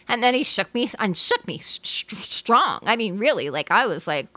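A woman hosting an interview, chatting in an animated way and laughing easily. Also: mid-range voice, moderate pace, few pauses, no room sound. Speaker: host. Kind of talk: casual interview chat.

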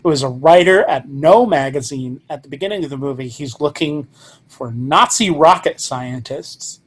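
A man's voice: on the high side, moderate pace, slightly rough. A man co-hosting a podcast, summarizing a film's plot and joking with mock seriousness. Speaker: podcast co-host. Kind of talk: casual movie review chat.

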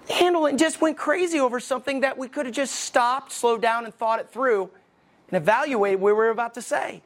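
Guy preaching, chatty and self-mocking, keeps repeating his questions slow. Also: very high-pitched, lively intonation, a bit bright, slight background noise. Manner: conversational, self-deprecating, repeats key questions slowly. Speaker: pastor. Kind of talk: sermon.

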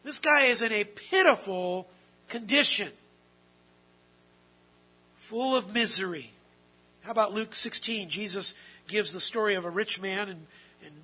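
Male preacher, husky and high-pitched, dramatic shifts between hush and emphasis. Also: measured pace, pauses often, poor audio. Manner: dramatic swings between quiet and loud. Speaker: pastor. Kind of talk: sermon.

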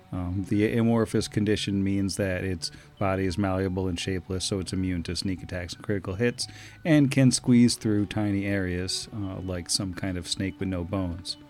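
A man's voice: low-pitched, a little mellow. A man serving as game master, plainly reading out monster defenses and abilities with frequent filler words. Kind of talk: running a tabletop game, reading monster stats.

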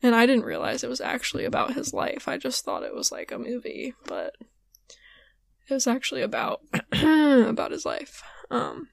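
A young woman hosting a podcast in casual chat, rambling with many fillers, her voice hoarse and giving out. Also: fairly high pitch, wildly swooping pitch, normal speed, dry recording, studio quality. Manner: rambling, filler-heavy, ranting. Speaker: podcast host.

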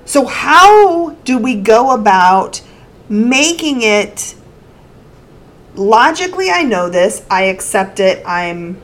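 Slow, thoughtful woman podcast co-host. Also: a little high, big pitch swings, low-quality recording. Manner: thoughtful, searching for words. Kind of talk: casual podcast conversation.

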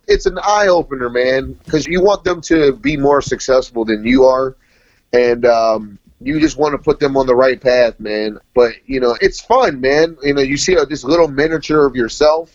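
A man's voice: medium pitch, moderate pace. A man in his thirties, telling his life story in a casual interview, laid-back and tacking "man" onto nearly every sentence. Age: 30s. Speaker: interview guest. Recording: dull lo-fi recording.

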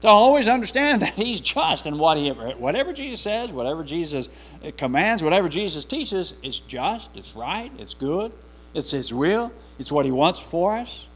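A man's voice: fairly high pitch, big pitch swings, normal speed, poor audio. A man preaching a conversational sermon, often restarting and repeating words as he explains scripture.

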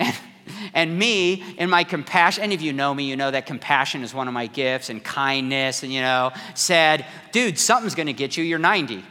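Bright-voiced man preaching in a reverberant church. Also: medium pitch, brisk. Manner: conversational storytelling, acts out voices. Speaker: pastor. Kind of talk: sermon. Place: church sanctuary. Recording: long hall reverb.

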